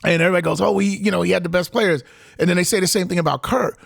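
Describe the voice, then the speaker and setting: A man co-hosting a podcast, chatting about sports in an animated way, often laughing and talking over his partner. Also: sits high, racing, creaky, no room sound, clean studio sound. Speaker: podcast co-host. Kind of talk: casual sports chat.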